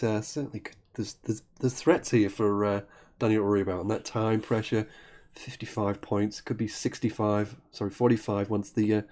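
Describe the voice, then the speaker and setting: A man calls a word game live, thinking aloud as he goes and often stopping to correct himself. His voice sits fairly low, with a soft, mellow tone. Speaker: Scrabble commentator.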